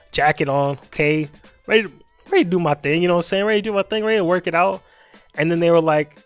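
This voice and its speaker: A young man with a fairly high voice tells a rambling story while he streams, slipping into slang and acting out both sides of the dialogue between laughs. The sound is dry and close to the mic, with faint music playing behind him. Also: a bit bright, dry recording.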